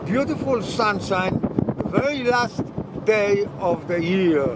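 High-voiced man, slow and halting. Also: lively intonation, very noisy. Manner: hesitant, halting restarts. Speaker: travel companion. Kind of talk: casual travel vlog chat. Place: in a car, then a desert cabin.

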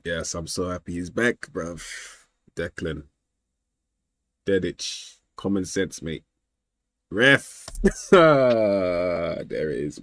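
A young man streaming a football manager game, excitable and slangy, yelling at the match and trash-talking his friend. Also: deep voice. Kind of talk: casual gaming banter.

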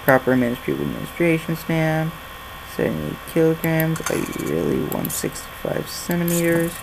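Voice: medium pitch, sing-song, moderate pace, vocal fry, noisy background. A gaming channel host giving jokey let's-play commentary while reading game documents aloud.

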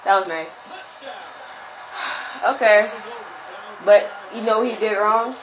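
A woman commentates her own football video game live, talking trash at her opponent in a mid-pitched voice and jumping into sudden high-pitched shouts when a play goes her way. The sound is a little muffled and lo-fi, like a basic home microphone. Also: takes it slowly, noisy background.

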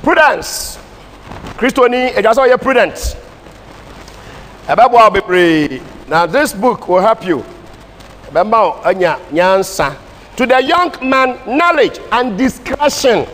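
Ghanaian man, Bible class teacher, emphatic code-switching preacher, high register, church hall reverb and faint room hiss. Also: expressive, slow, a bit bright. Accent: Ghanaian English. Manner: switches between English and Twi, emphatic preaching cadence. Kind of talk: sermon-style Bible teaching. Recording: distant hall reverb with faint ambient noise.

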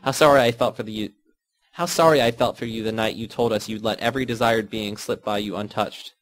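A man's voice: lowish voice, steady tone, fairly quick, dry recording, close to an everyday voice. A man reading aloud and voicing a bitter, sullen woman who grumbles and snaps. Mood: cutting. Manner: grumbling, cutting. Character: bitter, sullen grown woman, cold and cutting.

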